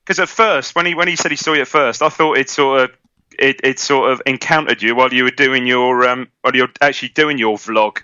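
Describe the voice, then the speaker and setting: A man's voice: mid-range voice, fairly quick, pushed and bright, clean tone, no echo, muffled recording. A man from England co-hosting a casual football podcast, eagerly chiming in and prompting his co-host. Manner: eager interjector, keeps prompting the other host.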